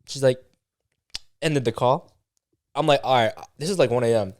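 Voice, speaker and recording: A young podcast co-host tells a casual story in a medium-pitched, slightly mellow voice at a moderate pace, swearing heavily, using many fillers, and acting out quoted dialogue. The recording is studio quality with no echo.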